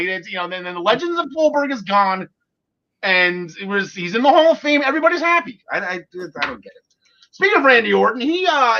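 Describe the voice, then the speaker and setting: Man, 40s, podcast host, very high voice, bright, excitable, jokey, lo-fi audio. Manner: excitable, jokey, lots of fillers. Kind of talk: casual wrestling podcast chat.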